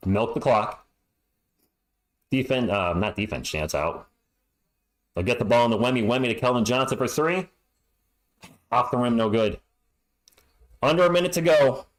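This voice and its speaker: A man doing fan play-by-play on a live stream, excitable and yelling on big plays, into a home streaming mic that clips. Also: mid-range voice, normal speed, long pauses.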